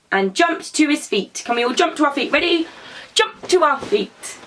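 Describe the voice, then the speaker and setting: A woman who teaches drama to young children, telling a story and prompting them to act it out in an animated, encouraging way. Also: high-pitched, moderate pace, slight background noise.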